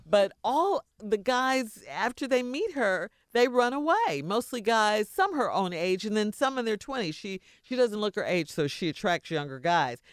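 A woman co-hosting a radio show, reading a listener's letter aloud and chatting with lively laughs. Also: medium pitch, moderate pace, few pauses, smooth, no echo, clean studio sound. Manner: animated, laughs often.

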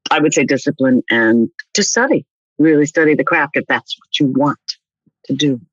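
A woman's voice: deep voice, normal speed, husky, no echo, dull audio. An older woman being interviewed as a guest, talking in a casual way with dry, wry humor.

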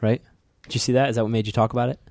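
A man's voice: medium pitch, little pitch movement, rapid-fire, vocal fry, darkish tone, no echo. A man co-hosting a casual studio talk show, opinionated and emphatic. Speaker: co-host. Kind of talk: casual podcast chat.

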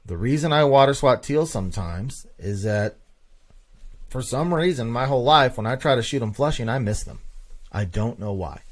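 A man's voice: medium pitch, animated, normal speed. A man hosting a casual podcast monologue, talking emphatically and repeating points for stress. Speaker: podcast host.

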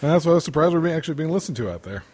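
A man's voice: fairly high pitch, expressive, rapid-fire, darkish tone, husky. A man co-hosting a podcast in casual chat, speaking in a dry, matter-of-fact way. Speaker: podcast co-host.

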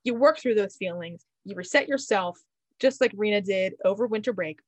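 A chatty woman hosts a podcast in a relaxed, reflective way. Her voice sits at a middle pitch, and the sound is close and dry. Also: moderate pace, dry recording. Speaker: podcast host. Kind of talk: casual podcast chat.

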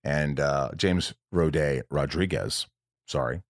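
A man's voice: very deep voice, slow, no echo, clean studio sound. A man hosting a podcast from home in casual chat, rambling along with frequent restarts and self-corrections. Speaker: podcast host.

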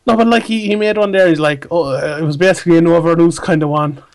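A young man co-hosting a podcast, excitable with crude banter. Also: on the high side, quick pace, dry recording. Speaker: podcast co-host. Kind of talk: casual chat.

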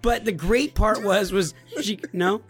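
High-voiced man telling a story with laughs. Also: a little slow, faint music behind. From Nebraska. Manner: animated storyteller, laughs while talking. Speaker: podcast co-host. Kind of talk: casual storytelling chat.

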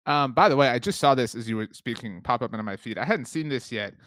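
A man co-hosting a sports podcast in casual chat, talking loosely with many fillers and quick laughs. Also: medium pitch, a bit bright, dry recording, studio quality. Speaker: podcast co-host.

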